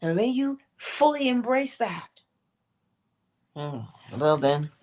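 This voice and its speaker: A woman's voice: mid-range voice, very animated, takes it slowly, a little mellow, slight background noise. A woman hosting a spiritual morning livestream talk, playful and laughing often as she acts out little quotes.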